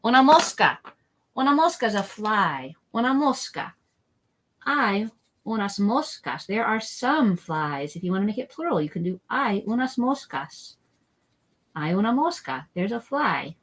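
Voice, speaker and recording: Woman teacher, friendly online class for families; chatty, repeats words slowly. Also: medium pitch, rough recording. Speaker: Spanish teacher. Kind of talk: live online lesson for families. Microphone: document camera setup, desk mic.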